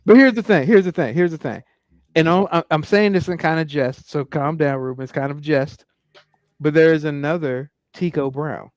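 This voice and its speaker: A man in his thirties with a slightly high voice spins casual stories, acting out what he thought in a lively, playful way. The sound is close and dry, with no room around it. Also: dry recording. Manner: animated storyteller acting out his own inner voice. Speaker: podcast co-host. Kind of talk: casual chat.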